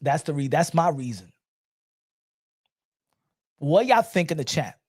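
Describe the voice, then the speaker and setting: A man's voice: fairly high pitch, unhurried, no room sound. Cast an emphatic male boxing host in dry close sound. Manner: animated, emphatic, opinionated. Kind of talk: casual livestream commentary.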